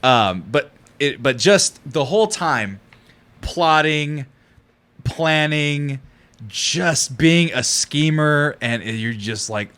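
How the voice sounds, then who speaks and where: A man co-hosting a podcast, telling stories in casual chat with lively swearing. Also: mid-range voice, slow pace. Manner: animated storytelling with swearing. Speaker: podcast co-host.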